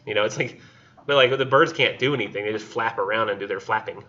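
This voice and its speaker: A man's voice: mid-range voice, fast talker, bright, forceful tone. A man giving a casual, rambling classroom lecture full of fillers and asides. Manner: rambling, filler-heavy, acts out silly voices. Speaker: college literature instructor. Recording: dull lo-fi classroom recording.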